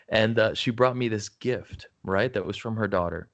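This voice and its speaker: Man, low voice, candid podcast guest, earnest and frank, lots of "you know" and restarts. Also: moderate pace, few pauses, dull audio. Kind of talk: candid conversational storytelling.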